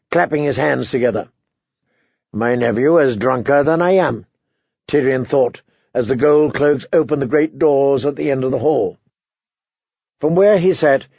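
A man reading a fantasy novel aloud in measured scripted narration, voicing the dialogue lightly. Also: a little high, a little mellow, dry recording, dull audio. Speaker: audiobook narrator.

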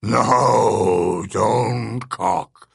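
A man voicing a man-sized alien beast that speaks in broken, halting phrases. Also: lowish voice, animated, gravelly, breathy edge, dry recording, studio quality, full character voice.

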